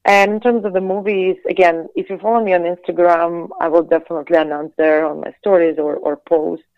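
A woman from Latvia, a singer and actress, talking casually as an interview guest in quick bursts full of restarts and fillers. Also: fairly low pitch, fairly even intonation, dry recording. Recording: dull, dry lo-fi audio.

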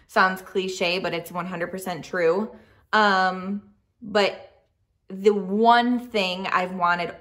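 Young woman, casual vlog storytelling, chatty and excited, mid-pitched, lots of ums. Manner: chatty and excited, with frequent fillers and restarts. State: speaking softly near a sleeping baby. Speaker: vlogger.

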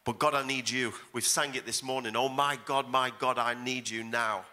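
A man's voice: medium pitch, steady tone, normal speed, bright, forceful tone. A middle-aged man preaching as a guest pastor at a church service, emphatic and repeating phrases for effect. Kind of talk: sermon.

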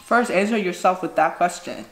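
In an echoey room with a bit of faint noise, a mukbang vlogger in her thirties talks casually over her meal, giving frank advice and saying "you know" frequently. Her voice is fairly low and her pace moderate.

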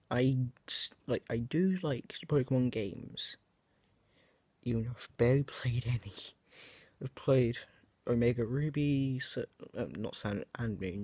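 A man's voice: medium pitch, warm tone, dry recording. A young man chatting casually to his viewers, rambling and hesitant, often restarting his sentences and poking fun at himself. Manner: self-mocking. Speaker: vlogger. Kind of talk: casual chat to camera.

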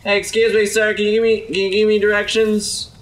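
A man's voice: a little fast, far from the mic. A young man giving joking let's play commentary, chatting to game characters as he plays. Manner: jokey, talks to game characters, lively swings in pitch. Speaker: gaming video host.

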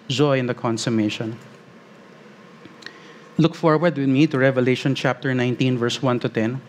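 A man preaching a sermon as pastor, earnest, slowing on key phrases and rising as he reads scripture aloud. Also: mid-range voice.

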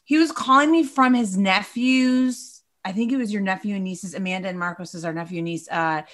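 A woman's voice: mid-range voice, brisk, a bit bright. A woman talking as a podcast guest in casual chat, loose and chatty with lots of "like" and "you know".

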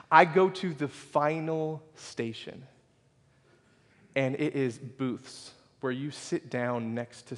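A male pastor preaching a sermon, telling a personal story that swings between loud, excited passages and hushed, soft ones. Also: fairly high pitch. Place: church sanctuary. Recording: long reverb of a church hall.

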